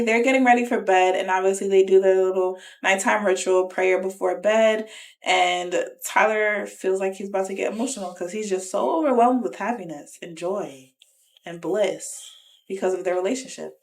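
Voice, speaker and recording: A woman's voice: medium pitch, normal speed. A woman co-hosting a podcast, casually recapping a reality show and acting out quotes with laughs. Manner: animated retelling with quoted voices and laughs. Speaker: podcast co-host.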